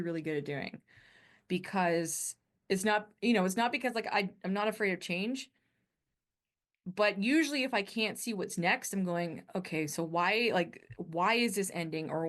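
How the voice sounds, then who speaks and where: A woman from northern Alberta with a Canadian accent, hosting her own podcast in a rambling, self-correcting solo chat. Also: mid-range voice. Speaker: podcast host. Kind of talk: casual solo monologue.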